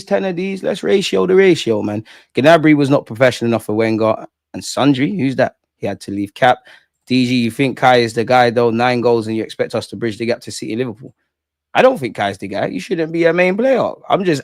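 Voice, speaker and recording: In a dry, studio-quality recording, a young man with a mid-range voice hosts a fan channel's casual live stream. He reads chat comments aloud and rants, with jokes sprinkled between. Animated throughout, he swings between ranting and joking with chat.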